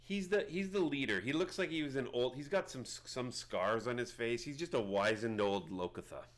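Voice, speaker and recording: A man narrating as game master for a tabletop game, halting with many fillers. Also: medium pitch, fairly bright tone.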